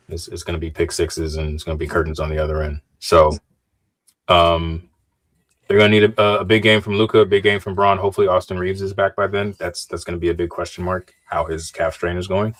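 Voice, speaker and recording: Deep-voiced man breaking down basketball. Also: little pitch movement, brisk. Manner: restarts often and corrects himself politely. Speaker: podcast co-host. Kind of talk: casual sports chat.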